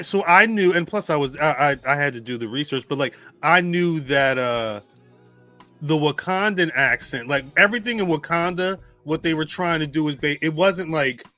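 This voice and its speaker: A man co-hosting a casual podcast, with a bright, forward voice sitting a little high. He talks animatedly and laughs often. Faint music plays underneath. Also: normal speed. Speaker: podcast co-host. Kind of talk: casual chat.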